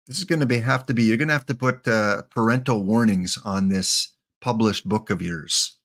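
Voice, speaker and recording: A man's voice: mid-range voice, moderate pace, few pauses. A man doing live-streamed commentary over a baseball sim, muttering to himself and talking to the players on screen as he picks them.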